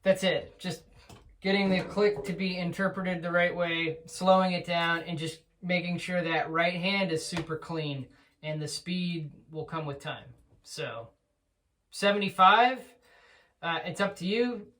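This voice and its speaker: A man teaches drums in an unhurried, relaxed way, reassuring and full of small hesitations. He sits away from the mic, and a faint hiss runs under his voice. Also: high-pitched. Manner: relaxed, encouraging, with many ums and restarts. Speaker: drum teacher. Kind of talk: recorded feedback lesson. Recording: distant mic with faint noise.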